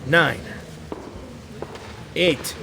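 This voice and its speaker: A man voicing a brash, hot-tempered male gambler in a game story, shouting his demands. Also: fairly high pitch, extremely slow, creaky, noisy background, heavily acted. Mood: blustering. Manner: loud blustering outbursts.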